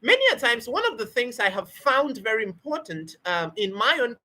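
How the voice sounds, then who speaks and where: Woman, English-speaking coach, bright breathy voice, emphatic and repetitive. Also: a little high, sing-song, moderate pace. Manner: emphatic, repetitive, asks rhetorical questions. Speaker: spoken English teacher. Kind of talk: motivational teaching talk.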